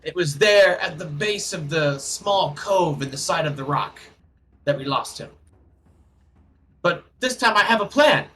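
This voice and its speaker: A man voicing a fussy, pompous male dwarf wizard who speaks formally and breaks into panicked shouting. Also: high-pitched, voice pushed up, exaggerated voice, poor audio.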